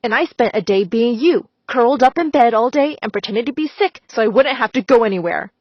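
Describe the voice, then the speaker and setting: A woman voicing a defiant middle-aged female teacher who speaks firmly and loudly. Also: on the high side, expressive, brisk, dry recording. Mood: warning. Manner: firm, forceful, raised voice. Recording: slightly dull, dry recording.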